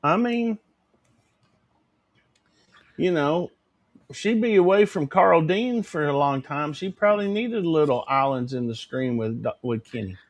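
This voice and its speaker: A man hosting a casual livestream chat, folksy and animated, swearing casually. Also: a little high, a little slow, pauses often. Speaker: livestream show host.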